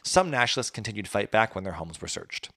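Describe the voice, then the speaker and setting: A man's voice: on the low side, expressive, fast talker, creaky, fairly bright tone, breathy edge, dry recording, studio quality. A man recounting history in a casual chat, with jokey asides. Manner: conversational storytelling, jokey asides. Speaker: podcast host.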